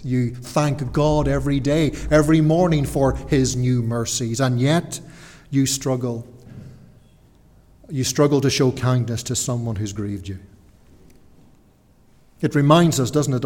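A man preaching a sermon, earnest and slowing down to stress key words. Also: mid-range voice, darkish tone. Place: church. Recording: church hall reverb.

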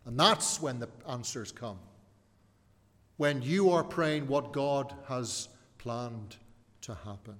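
A man's voice: medium pitch, takes it slowly, a bit bright. Guy preaching a sermon, asks lots of questions, long echo like a big church hall. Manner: rhetorical questions, varied emphasis.

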